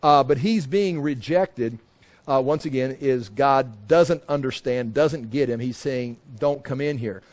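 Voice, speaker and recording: Working through a Bible passage verse by verse, a man teaches conversationally, often restarting, repeating phrases, and acting out quoted voices. His voice is mid-range, unhurried, and somewhat dark in tone.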